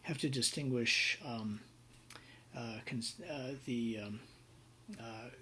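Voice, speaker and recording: A man's voice: mid-range voice, fairly even intonation, takes it slowly, sharp tone, a little hiss or hum. A man giving a conversational university lecture on contracts, with many fillers and acted-out examples. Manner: conversational with frequent fillers and role-played examples.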